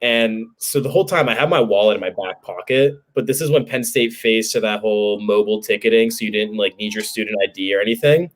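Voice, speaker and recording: A low-leaning voice that moves fast with few pauses belongs to a podcast co-host, a man in his twenties from New Jersey. He's an animated storyteller, joking his way through an anecdote and swearing freely.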